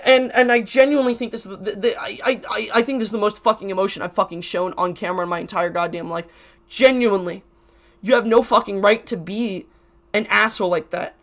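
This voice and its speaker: A man's voice: high voice, fairly bright tone. A crying YouTuber man ranting to camera in an emotional vlog. He stutters, restarts his sentences and swears heavily.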